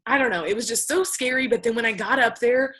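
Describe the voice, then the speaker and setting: Woman, team leader, bright voice, emotional rambling, full of likes. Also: on the high side, quick pace, poor audio. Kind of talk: casual chat on a group call.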